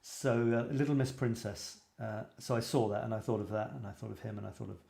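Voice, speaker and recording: A lowish, gravelly, warm voice belongs to a man from Britain who hosts an easygoing photography program, talking quickly and rambling with digs at himself. It's casual livestream chatter, recorded in an echoey space.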